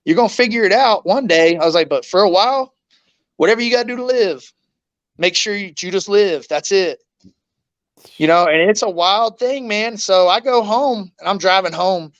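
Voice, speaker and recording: A man's voice: high voice, lively intonation, normal speed, fairly bright tone, dry recording, muffled recording. A man, an interview guest telling a painful story in raw, blunt words, swearing often and acting out what others said.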